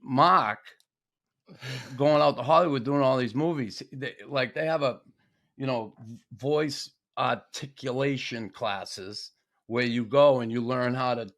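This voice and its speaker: A man's voice: mid-range voice, measured pace, a bit bright. An older man with a Boston accent hosting a podcast, talking bluntly and swearing as he jokes around. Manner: blunt, profane, joking. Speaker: podcast host. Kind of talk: casual chat.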